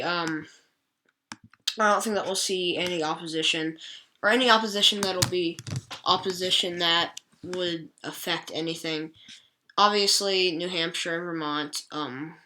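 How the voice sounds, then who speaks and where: A woman's voice: lowish voice, fairly even intonation, measured pace, pushed and bright, a little hiss or hum. A woman hosting an election prediction channel, talking casually through a map and often correcting herself and apologizing. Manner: rambling, self-correcting, apologetic asides. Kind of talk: casual screen-recorded commentary.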